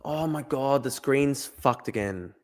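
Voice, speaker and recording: A young man with an Australian accent talks to his live-stream chat, muttering his guesses aloud and swearing freely. His voice sits at an ordinary middle pitch. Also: takes it slowly, a little mellow. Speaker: livestreamer. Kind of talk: casual live-stream commentary.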